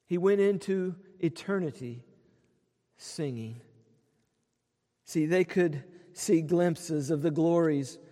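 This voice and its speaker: A man preaching a sermon, earnest, dropping quiet for tender quotes and swelling on lists. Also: on the high side. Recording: long hall reverb.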